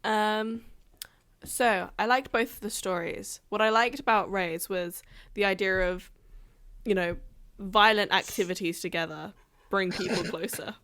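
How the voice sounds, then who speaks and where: A woman's voice: mid-range voice, steady tone, measured pace, fairly bright tone. A woman on a podcast chatting and joking, breaking into laughter often. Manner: giggly, jokey, laughs often. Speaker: podcast cast member. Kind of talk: casual podcast chat.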